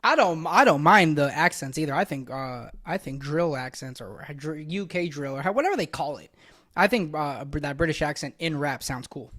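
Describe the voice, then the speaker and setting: A man's voice: a little high, lively intonation, moderate pace, a bit bright, soft background music. A man hosting a reaction video, giving blunt, opinionated casual commentary that rambles with frequent restarts. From United States.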